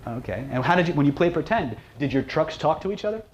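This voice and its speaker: A man's voice: fairly high pitch, expressive, fast talker, lo-fi sound, a crowd in the background. Joking male seminar presenter. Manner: joking, quizzes the audience. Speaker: seminar presenter, hypnosis trainer. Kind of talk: live seminar talk. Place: seminar room with audience.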